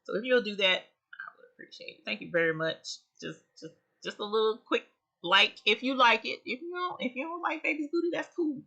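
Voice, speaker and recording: A woman's voice: on the high side, brisk, vocal fry, bright, forceful tone, slightly rough, muffled recording. A woman hosting a casual livestream, chatting expressively and greeting viewers by name. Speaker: livestream host of an embroidery channel. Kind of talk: casual live chat with viewers.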